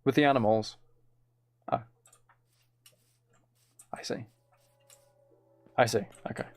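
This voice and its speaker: A man's voice: medium pitch, a little mellow. A man chatting casually with his live-stream audience while he plays a game, rambling, joking and teasing viewers.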